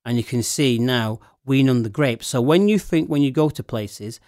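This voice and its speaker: A man's voice: medium pitch, normal speed, no echo, studio quality. Chatty man telling stories. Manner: animated storyteller, laughs often. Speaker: wine shop owner. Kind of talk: casual chat.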